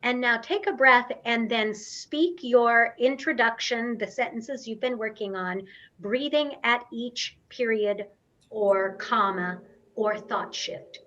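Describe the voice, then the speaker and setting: A woman voice coach leading an online workshop, guiding listeners through breathing in a slow, calm, instructive way. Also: a little high, highs cut off. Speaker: voice and speaking coach.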